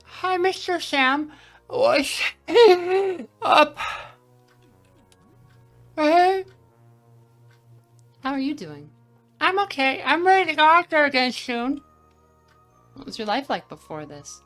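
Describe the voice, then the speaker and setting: A woman doing an excited eight-year-old boy. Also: slow, pauses often, soft background music, exaggerated voice. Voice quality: high, excited childlike voice.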